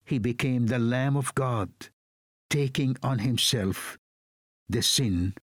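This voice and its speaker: A man preaching a sermon, reading scripture in a solemn, measured way. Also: mid-range voice, dry recording, clean studio sound.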